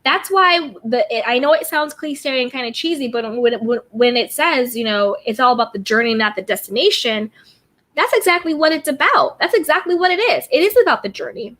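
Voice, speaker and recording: A woman's voice: high-pitched, animated, fairly quick, fairly bright tone. A woman hosting a casual self-care livestream, greeting viewers from the chat and repeating upbeat affirmations. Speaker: livestream host reading chat.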